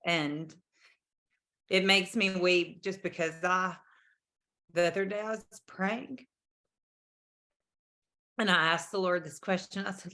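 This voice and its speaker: A woman hosts a casual faith conversation in a low, gravelly voice. She speaks in a heartfelt, affirming way. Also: steady tone, slow, long pauses, pushed and bright. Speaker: host.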